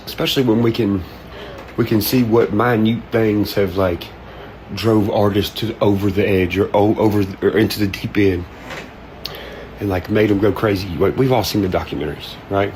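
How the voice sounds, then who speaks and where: A man's voice: fairly low pitch, steady tone, moderate pace, darkish tone, slight background noise. A man ranting casually in a vlog, profane, laid-back and rambling. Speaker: content creator.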